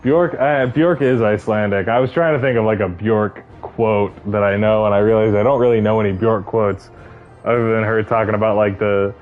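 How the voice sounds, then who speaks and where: A man's voice: lowish voice, fairly even intonation, normal speed, narrow, tinny audio, soft background music. A man streaming a video game, reading its dialogue aloud and chatting casually with his viewers. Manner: reads game dialogue aloud and banters with chat.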